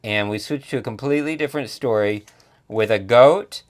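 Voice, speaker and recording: A man's voice: medium pitch, moderate pace. A man narrating a casual board game unboxing as the channel's reviewer, joking playfully as he goes. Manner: playful, jokey commentary.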